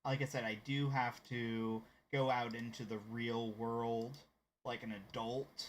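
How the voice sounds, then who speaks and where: A man's voice: medium pitch, flat delivery, unhurried, slight background noise. An American man with a slight Southern accent who streams games and chats casually with his viewers. He rambles and hesitates as he talks. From United States. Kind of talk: casual live-stream chat.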